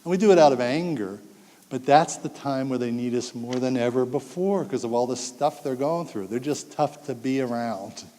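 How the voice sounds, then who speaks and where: Speaking at a moderate pace in a mid-range voice, a man in his sixties gives a talk to parents. The room's long reverb surrounds his lively storytelling, acted-out quotes, and jokes with the audience.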